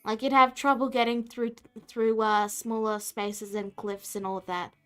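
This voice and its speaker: A woman's voice: fairly high pitch, flat delivery, unhurried, fairly bright tone, faint music behind. A woman running a tabletop game as dungeon master, describing scenes in a playful, rambling way.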